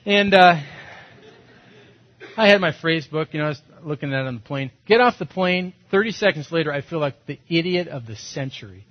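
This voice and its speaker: A male pastor giving a sermon, telling animated, self-mocking stories and acting out what he said and thought. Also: on the high side, a little fast. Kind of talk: storytelling sermon. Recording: dull lo-fi sound.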